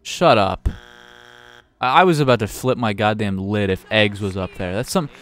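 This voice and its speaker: A man's voice: on the low side, normal speed, fairly bright tone. A man streaming a game show game live, commenting in a profane, ranting, exasperated way.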